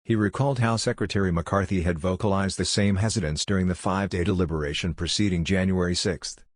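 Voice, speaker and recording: A man reading a government report aloud in a steady, measured way. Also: low voice, dry recording, studio quality. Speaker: report reader.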